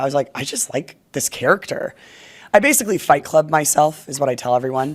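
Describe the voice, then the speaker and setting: A podcast host talking in a casual, upbeat, chatty way, with many fillers. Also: mid-range voice.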